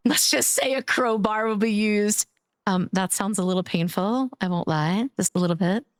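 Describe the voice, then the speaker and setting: A woman streamer chatting casually with her viewers, gushing and affectionate as she thanks them by name, playful and quick to giggle. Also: medium pitch, no echo, clean studio sound. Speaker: live streamer. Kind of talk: casual live-stream chat.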